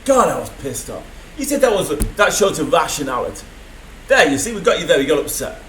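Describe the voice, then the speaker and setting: A man's voice: on the high side, big pitch swings, brisk, fairly bright tone, echoey room, slight background noise, low-quality recording. A man rambling through an unscripted video diary from a room in a mental health hospital, swearing often. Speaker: vlogger.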